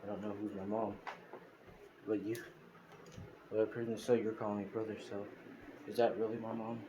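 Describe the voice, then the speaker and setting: A man's voice: on the low side, flat delivery, normal speed, dull audio, noisy background, natural voice. A man voicing a troubled young male hero in a spoken fan story. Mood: lost, hesitant.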